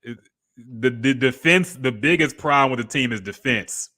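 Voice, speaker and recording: A man's voice: mid-range voice, normal speed, bright, forceful tone. A man co-hosting a podcast in casual sports chat, blunt and profane, reading out viewer comments. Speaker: podcast co-host.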